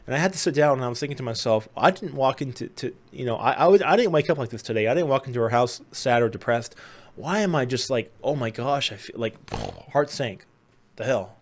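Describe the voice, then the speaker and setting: A man's voice: mid-range voice, expressive, fairly quick. A man hosting his own video, telling a personal story in a casual, earnest, conversational way. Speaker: host.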